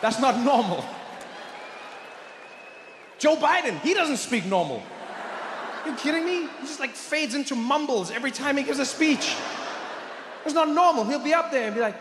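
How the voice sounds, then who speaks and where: A man's voice: very high voice, expressive, normal speed, long pauses, a crowd in the background, noisy background. A man doing stand-up comedy on stage in a large hall, with a punchy, repetitive rhythm. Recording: echoey hall from far off.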